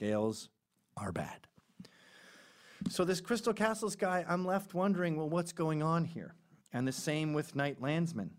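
A middle-aged man riffing on a podcast with loose, irreverent commentary. He rambles from topic to topic in an even, middle-pitched voice. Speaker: podcast host.

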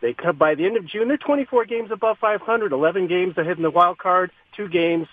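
Male caller, high voice, rapid rant, tinny phone audio. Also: no room sound. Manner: rapid ranting argument. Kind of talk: sports radio call-in.

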